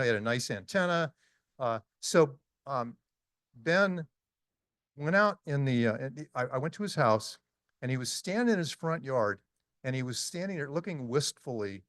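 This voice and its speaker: A man in his sixties tells stories at a conference talk, stopping often for ums and uhs. His pitch sits in the middle range, and the recording is dry and close, with no room echo. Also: fairly bright tone. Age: 60s. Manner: chatty, storytelling, frequent ums and uhs. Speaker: conference speaker. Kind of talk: casual presentation talk. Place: meeting hall talk.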